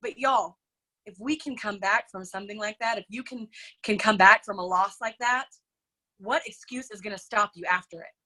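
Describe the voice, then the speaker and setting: A woman's voice: medium pitch, normal speed, bright, forceful tone, poor audio. A woman hosting a motivational group video call. She talks in an effusive, emotional way and keeps calling the group "y'all".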